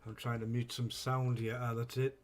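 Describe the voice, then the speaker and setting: A man hosts a casual live stream from home, rambling and chatting, swearing when things go wrong. His voice sits at an ordinary mid pitch. A faint background hum runs under the recording. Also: flat delivery, moderate pace.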